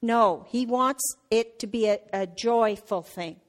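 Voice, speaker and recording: Middle-aged woman preaching, slightly high voice, chatty delivery with fillers, gets loud in stories. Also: takes it slowly. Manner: conversational, with fillers and restarts; gets loud and animated telling a family story. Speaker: church speaker. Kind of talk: sermon.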